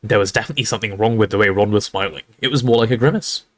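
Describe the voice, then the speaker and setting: A man reading a novel aloud on a livestream in an expressive, storytelling way, with casual asides to his audience. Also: fairly low pitch, rapid-fire.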